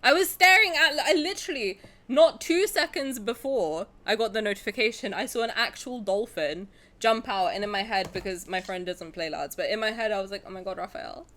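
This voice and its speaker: Woman, streamer, casual chat, excitable, dramatic, rambling. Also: a little high, a little fast.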